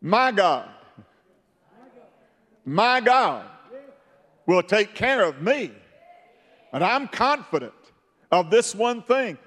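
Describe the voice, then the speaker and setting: A serene and faithful prophet reassures his king with fervent certainty, his voice lifted high, as a preacher voices him. A long hall reverb carries every phrase. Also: sing-song, very slow, long pauses, fairly bright tone, heavily acted. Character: calm faithful male prophet, serene and sure.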